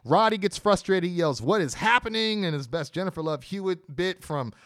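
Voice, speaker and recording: Casting note: man, fairly high voice, lively play-by-play podcast co-host, dry close sound. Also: fairly quick, no echo. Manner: animated storytelling play-by-play, acting out quotes. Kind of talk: casual wrestling recap.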